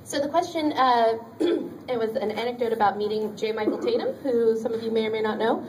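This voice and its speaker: A woman answers fan questions on a convention panel, bubbly and quick to laugh, peppering her stories with "like." Her voice sits a little high. It comes from a distant mic with faint noise around it. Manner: bubbly, chatty, laughs often, many "like"s. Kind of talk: animated anecdote telling to a live audience.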